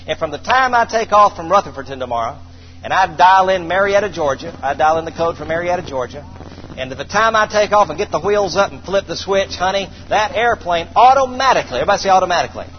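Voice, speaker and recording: A man preaching a sermon to a congregation, calling for responses and praising, slowing down to read scripture. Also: sits high, expressive. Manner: call-and-response, exclamations of praise. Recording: dull distant hall sound, faint noise.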